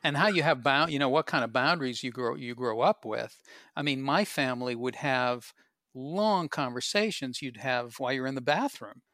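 A man's voice: medium pitch, normal speed, fairly bright tone, no echo, studio quality. A man hosting a casual conversation, speaking reflectively in loose, rambling phrases. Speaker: host.

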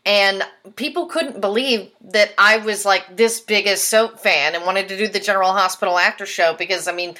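Bright-voiced casual woman podcast host. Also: medium pitch. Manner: casual and laughing, quick asides. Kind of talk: casual conversation.

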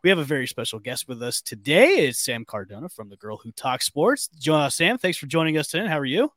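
Bright, energetic male podcast host. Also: a little high, no room sound. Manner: quick, joking, energetic. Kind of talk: casual chat.

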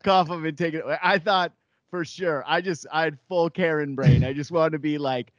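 A man co-hosting a sports podcast in casual chat, animated and jokey, acting out quotes. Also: a little high, normal speed, dry recording, highs cut off.

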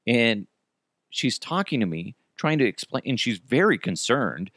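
Man, podcast host, casual storytelling, swears freely, animated, dry close sound. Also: medium pitch, unhurried, no room sound. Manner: rambling, self-deprecating, swears freely.

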